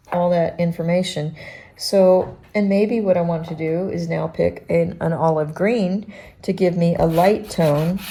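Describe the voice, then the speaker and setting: Woman art instructor, low mellow voice, halting and thinking aloud during a demo. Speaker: art teacher demonstrating pastel painting. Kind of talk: unscripted painting demonstration.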